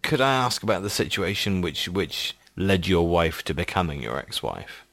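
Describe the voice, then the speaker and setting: A man's voice: deep voice, sing-song, moderate pace, a bit bright, dry recording. A man hosting a mock interview in an improv comedy bit, amused, steering the questions and laughing often.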